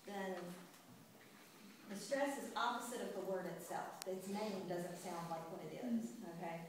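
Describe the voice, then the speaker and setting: A woman's voice: mid-range voice, moderate pace. A woman teacher lecturing a class, chatty and often checking in with her students. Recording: echoey classroom from far off, hiss.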